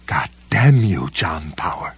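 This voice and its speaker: A man voicing a furious woman turning into a creature, hissing and snarling in half-whispers and shrill outbursts. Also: sing-song, takes it slowly, husky, highs cut off, heavily acted. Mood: hissing rage.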